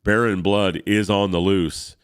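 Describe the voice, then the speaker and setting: An earnest, steady soldier hero, read aloud by a man from a comic. The voice is very low, smooth and close, in a dry space with no room sound. He speaks calmly and with resolve. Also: unhurried, no echo. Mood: resolute. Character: heroic middle-aged American soldier, steady, earnest.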